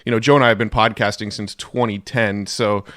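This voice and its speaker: A man hosting a podcast in casual chat, upbeat and salesy when he pitches. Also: fairly even intonation, fairly quick, a bit bright. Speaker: podcast host.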